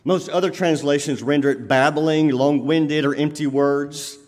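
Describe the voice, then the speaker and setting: A man preaching a sermon as pastor, swinging between loud emphatic lines and quiet lowered ones. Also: steady tone, unhurried, big-room sound.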